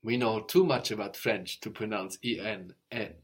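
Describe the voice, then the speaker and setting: A man's voice: lowish voice, normal speed, slightly rough. A man teaching a language lesson, patiently explaining word roots and prompting his student with questions.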